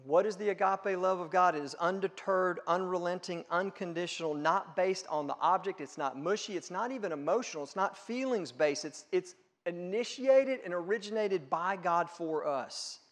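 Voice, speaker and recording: A middle-aged male pastor preaching a sermon, emphatic and swinging between hushed and loud delivery. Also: high-pitched, normal speed, hardly any pauses, long reverb tail.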